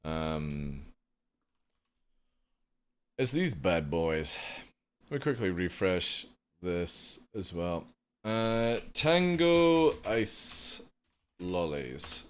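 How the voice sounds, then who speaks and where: A man's voice: sits low, very animated, drawn-out words, pauses often, clear, resonant tone. Chatty young man streaming. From United Kingdom. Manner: rambling, chatty, swears casually, reads chat aloud. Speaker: live streamer. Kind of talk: casual chat with viewers.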